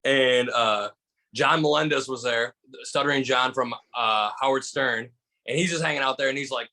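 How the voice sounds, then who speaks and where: Man, from Michigan, guest comedian, casual storytelling, rambling, bright tone, mid pitch. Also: normal speed. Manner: rambling, many restarts and "like" fillers.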